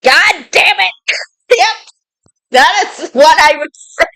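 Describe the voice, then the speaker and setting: A young woman streaming a story game, reading it aloud and rambling about it in a profane, excitable way. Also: very high-pitched, takes it slowly, low-quality recording. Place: indoor room with a fan running. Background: loud music.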